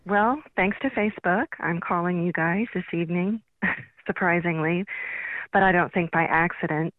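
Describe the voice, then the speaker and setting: A woman's voice: lowish voice, normal speed, dry recording. A woman calling in to a radio show over the phone, thoughtfully describing a personal experience while searching for words. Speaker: caller. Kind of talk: phone-in question. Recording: telephone line.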